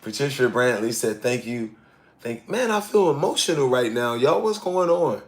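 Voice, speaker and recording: A man in his sixties chats casually on a live stream outdoors in hot weather in Thailand, reading viewer comments aloud and laughing often. His medium-pitched voice is very animated at a normal speed.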